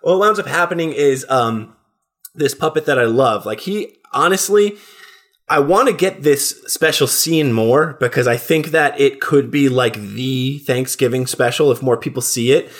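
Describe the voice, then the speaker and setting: A man's voice: medium pitch, normal speed, fairly bright tone. A man in casual podcast chat, rambling and swearing, now and then slipping into silly put-on voices. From New Jersey area, US. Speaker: podcast co-host.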